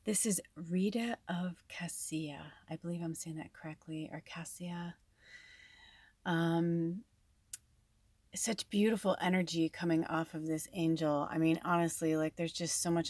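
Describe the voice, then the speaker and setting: A woman's voice: sits low, little pitch movement, normal speed, darkish tone, no room sound. A woman giving a casual spiritual card reading in a rambling, chatty way, full of fillers, recorded at home on a farm. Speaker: tarot and oracle card reader.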